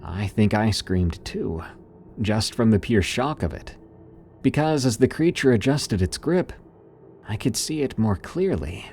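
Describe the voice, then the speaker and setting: A man's voice: fairly low pitch, very animated, a little slow, darkish tone, faint music behind. A man narrating a first-person horror story in a dramatic, suspenseful storytelling manner.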